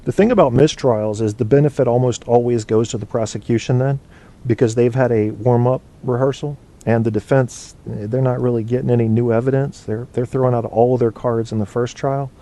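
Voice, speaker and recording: A man's voice: mid-range voice, steady tone, a little fast, mellow. A man hosting a casual live internet show, answering chat in a rambling, profane, think-aloud way. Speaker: internet radio host.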